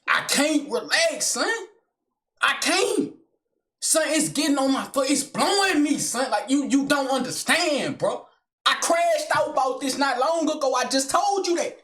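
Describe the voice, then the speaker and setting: A man performing a furious comedy rant, shouting in heavy slang. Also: very high-pitched, lively intonation, unhurried, roomy sound. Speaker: sketch comedian.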